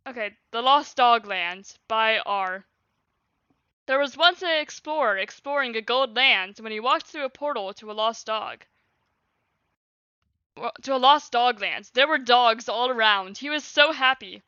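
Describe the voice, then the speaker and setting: Bright-voiced woman streamer reading aloud. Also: on the high side, measured pace, clean tone, dry recording. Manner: lively, loud reading with chatty asides. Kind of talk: reading a childhood journal aloud on a livestream. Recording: dull lo-fi stream audio.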